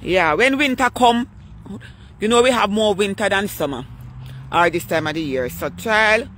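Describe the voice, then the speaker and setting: An older woman, chatting casually on a live stream while walking outdoors at night, greeting her viewers by name in a relaxed way. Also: medium pitch, normal speed, slight background noise. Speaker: vlogger hosting a live stream.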